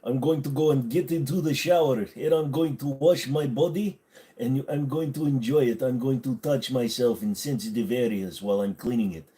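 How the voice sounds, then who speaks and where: A man puts on a deadpan mock Russian character with a heavy put-on accent. The voice sits noticeably higher than his normal speech, and the broken English is delivered in a plodding, matter-of-fact way. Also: normal speed, lightly acted.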